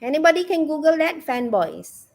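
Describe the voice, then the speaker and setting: A woman with a Malaysian English accent runs a live online English lesson in a fairly high voice. She keeps it animated and asks the class one question after another. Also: normal speed, vocal fry. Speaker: English teacher.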